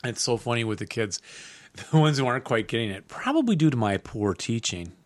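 A man co-hosting a podcast in casual chat, an animated storyteller who laughs often. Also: medium pitch, fairly quick. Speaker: podcast co-host.

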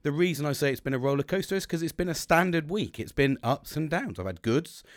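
A man's voice: a little high, animated, fast talker, dry recording, clean studio sound. A middle-aged man hosting his own podcast, rambling and swearing with a self-deprecating humour in casual solo chat. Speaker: podcast host. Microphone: close podcast microphone.

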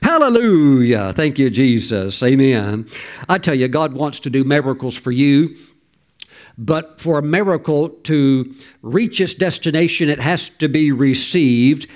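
A man preaching a sermon in a slightly higher-than-usual voice. He tells a story and breaks into exclamations, calling on the congregation for amens. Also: unhurried, darkish tone. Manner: storytelling, exclamatory, calls for amen.

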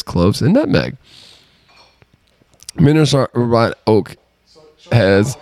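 A man's voice: mid-range voice, darkish tone. A man co-hosting a casual podcast, playful and teasing, stumbling over hard words as he reads aloud. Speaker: podcast co-host. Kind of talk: casual chat.

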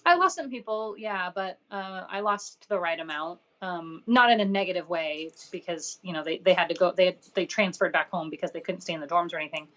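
A woman's voice: fairly low pitch, brisk, few pauses, fairly bright tone. Woman co-host with a muffled lo-fi sound. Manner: chatty, with dry sarcasm. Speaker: podcast co-host and business owner. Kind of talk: casual discussion.

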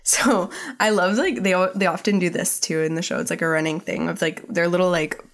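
A woman's voice: fairly low pitch, steady tone, brisk. A young woman co-hosting a podcast, recapping an episode in a chatty, profane way full of fillers. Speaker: podcast co-host.

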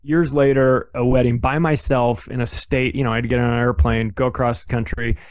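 A man telling a story on a podcast with lively energy, slipping into quick impressions of the people he quotes. His voice sits in an ordinary middle pitch and is recorded dry and close, with almost no room sound around it. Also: no echo. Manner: animated, acts out other people's dialogue. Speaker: podcast guest. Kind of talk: casual conversational storytelling.

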